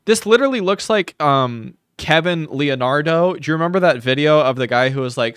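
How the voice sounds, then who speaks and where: A man's voice: mid-range voice, a little fast, hardly any pauses, a bit bright, smooth, dry recording, clean studio sound. A man giving crude, sarcastic live reaction commentary on a video, thanking viewers as he goes.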